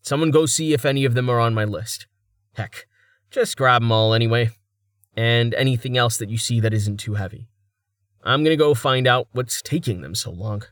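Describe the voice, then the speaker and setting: A man doing a brisk, assured young captain. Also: mid-range voice, fairly bright tone, no echo, clean studio sound, close to an everyday voice.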